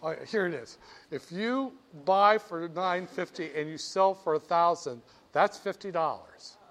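A man's voice: sits high, unhurried. A man teaching finance to a classroom, teasing students and quizzing them with jokes between the math. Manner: joking, teasing students, animated. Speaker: finance lecturer. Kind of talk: classroom lecture.

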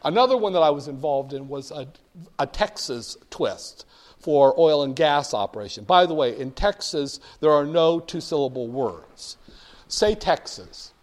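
An older man with a fairly high voice tells stories to an audience. His delivery is animated and emphatic, with a wry edge, and he sometimes gets the crowd to repeat words back to him. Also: moderate pace. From northern United States. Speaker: speaker addressing an audience. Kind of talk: storytelling talk.

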